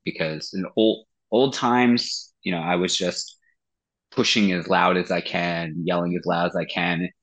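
A man with a somewhat low voice talks about his singing in a relaxed interview. He tells his stories in an animated way and swears freely. His speech is loose and conversational, full of fillers. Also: measured pace. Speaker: band vocalist. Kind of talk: casual interview chat.

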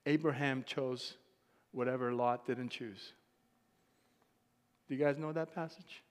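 A man preaching a sermon as a pastor, emphatic and rising to loud shouts. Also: medium pitch, steady tone, a little slow. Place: church sanctuary. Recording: long hall reverb.

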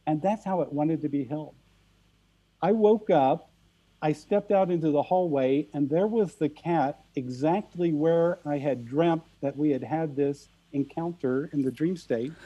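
Mellow-voiced man telling stories haltingly. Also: fairly high pitch, lo-fi sound. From central United States. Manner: halting, repeats words often. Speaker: guest speaker. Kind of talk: storytelling in conversation.

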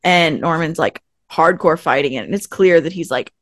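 A woman with a low voice speaks at a moderate pace in clean, echo-free studio sound. Co-hosting a podcast, she casually recaps scenes from TV episodes and performs the characters' lines.

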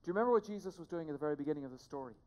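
A pastor preaching a sermon to a church, emphatic, repeating key phrases and swinging between hushed and loud delivery. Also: mid-range voice, animated, rapid-fire, muffled recording. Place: church sanctuary. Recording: long reverb of a large hall.

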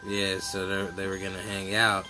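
A man's voice: deep voice, completely flat delivery, normal speed, music in the background, poor audio. A man co-hosting a casual podcast, telling a story loosely while stoned, swearing and laughing. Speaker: podcast co-host.

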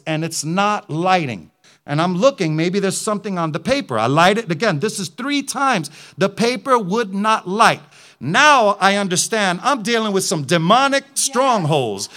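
A man's voice: sits high, fairly bright tone. A man, a pastor, preaching a testimony with impassioned storytelling that builds into fervent declarations.

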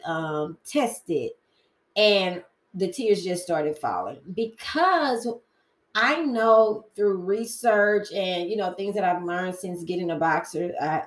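A woman's voice: medium pitch, roomy sound, rough recording. A woman hosting her own podcast, chatty and prone to tangents, talking about her faith. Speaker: podcast host. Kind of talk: casual solo podcast talk.

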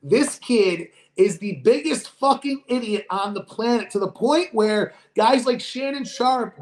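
A man co-hosting a podcast, talking sports in a profane, animated way and acting out quoted voices. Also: very high voice, roomy sound. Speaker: podcast co-host. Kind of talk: casual sports chat.

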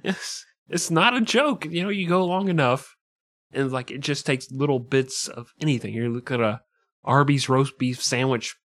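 A man's voice: medium pitch, normal speed, fairly bright tone, no echo. A man co-hosting a podcast, chiming in with vulgar, joking banter. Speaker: podcast co-host. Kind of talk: casual comedic banter.

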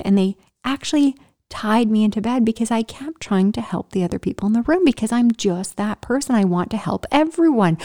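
A middle-aged woman telling a personal story in an animated vlog style, laughing often and dropping into whispers for emphasis. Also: fairly high pitch. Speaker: vlogger.

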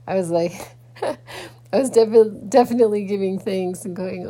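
A woman's voice: medium pitch, expressive, normal speed, mellow. A woman podcaster talking in a casual personal vlog, rambling with many restarts and fillers, sleepy and yawning early in the morning.

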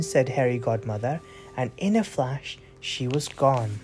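A woman reading a bedtime story aloud to a child, expressive, with gentle asides. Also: very deep voice, measured pace, soft background music.

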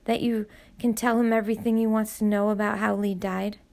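Woman as an anxious apologetic teen boy, nervous, gravelly voice, storybook reading. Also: medium pitch, level tone, fairly quick, darkish tone, close to an everyday voice.

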